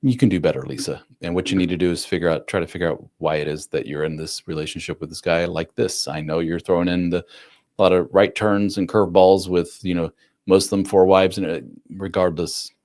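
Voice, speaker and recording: A man's voice: sits low, steady tone, brisk, a little mellow. A man hosting a casual live stream, reading viewer comments and talking through them with lots of fillers and restarts. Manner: conversational, many fillers and restarts, reads comments aloud. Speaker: livestream host answering viewer comments.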